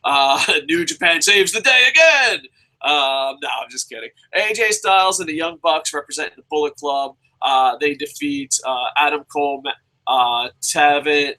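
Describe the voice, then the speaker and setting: Male wrestling reviewer, fairly high and bright-edged voice, foul-mouthed and animated. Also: normal speed, rough recording. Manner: profane, animated, swears constantly; jumps sharply in pitch when exasperated. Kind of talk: casual ranting review.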